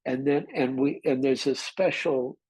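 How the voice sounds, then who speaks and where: Husky-voiced man giving a casual dharma talk. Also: medium pitch, steady tone, measured pace, darkish tone, no room sound, poor audio. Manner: rambling, candid storytelling with restarts and mild swearing. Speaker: meditation teacher.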